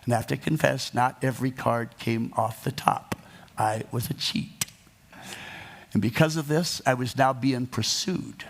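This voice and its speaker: A man's voice: medium pitch, steady tone, unhurried, vocal fry. A man telling his own story as a monologue, dramatic, confessional and self-mocking. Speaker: card magician telling his life story.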